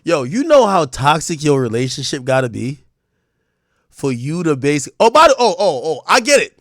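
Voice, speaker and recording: A man streaming live, telling crude stories in a casual way, acting out the dialogue and breaking into loud shouts. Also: fairly high pitch, normal speed, dry recording, studio quality. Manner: animated, crude storytelling that acts out dialogue. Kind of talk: casual livestream commentary.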